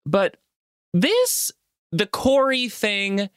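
A man co-hosting a podcast, giving wry, expressive reactions in casual chat. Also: high voice, drawn-out words, clear, resonant tone, no room sound, studio quality. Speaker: podcast co-host.

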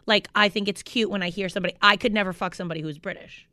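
A woman's voice: mid-range voice, fairly even intonation, rapid-fire, sharp tone, no room sound, studio quality. A young woman co-hosting a podcast in casual chat, blunt and profane. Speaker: podcast co-host.

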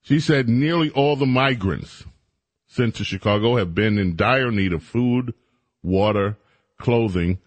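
Male talk radio host, husky voice, dry studio sound, faint music bed; sarcastic folksy monologue. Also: lowish voice, a little slow, dry recording. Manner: sarcastic, folksy, mocking asides.

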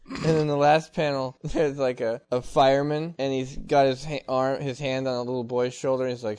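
A man's voice: medium pitch, steady tone, fairly quick, darkish tone, clear, resonant tone, no echo. A man co-hosting a casual comedy podcast who laughs often while bouncing ideas around. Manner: laughs often, acts out comic characters in quotes. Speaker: podcast co-host.

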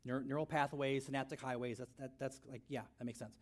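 A man preaching a sermon, animated, full of rhetorical questions and repeated phrases. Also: medium pitch, fast talker. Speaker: pastor.

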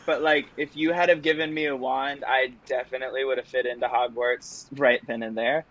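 A man's voice: medium pitch, fairly even intonation, normal speed, sharp tone. A young man, a stage actor, telling an audition story in a chatty, self-deprecating way, with many fillers and laughs. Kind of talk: casual interview storytelling.

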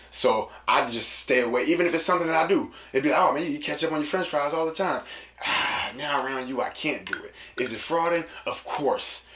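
A man talking casually to listeners in an animated, slangy way, acting out quotes in a lower voice. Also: roomy sound, background noise.

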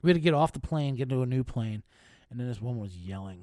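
A male host tells wry travel gripes in a loose, foul-mouthed comic rant, his voice swinging up and down with lively expression. His pitch sits in a middle range. The sound is dry and close, with no room around it. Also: quick pace, no echo. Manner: profane, animated storytelling with laughs. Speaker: podcast host. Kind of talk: casual comedic rant. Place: touring, recorded while traveling.

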